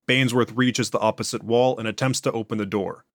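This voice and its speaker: A man giving scripted horror narration in a plain, even delivery. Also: mid-range voice, brisk, dry recording, studio quality.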